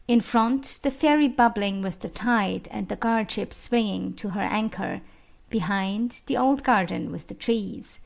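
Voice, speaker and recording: A woman narrating an audiobook, reading literary passages in a slow, expressive recitation with dramatic rises. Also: medium pitch, gravelly.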